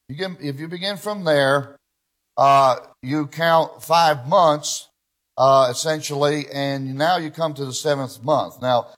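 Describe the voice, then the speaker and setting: A man preaching a live sermon as pastor, calling out amen and rising to exclamations. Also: fairly high pitch. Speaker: pastor and radio host. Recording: live church recording.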